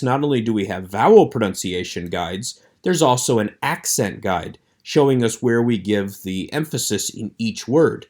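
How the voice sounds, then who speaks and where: A man teaching a recorded online lecture with a measured, explanatory delivery. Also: lowish voice, darkish tone.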